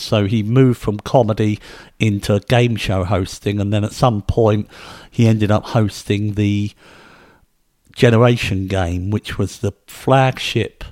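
A man's voice: fairly low pitch, darkish tone. A man from the UK hosting a solo podcast, talking conversationally and pressing points with emphasis. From United Kingdom. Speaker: podcast host.

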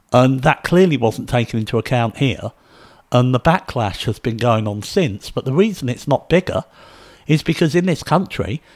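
A man from the UK hosting a solo podcast, talking conversationally and pressing points with emphasis. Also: medium pitch. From United Kingdom. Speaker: podcast host.

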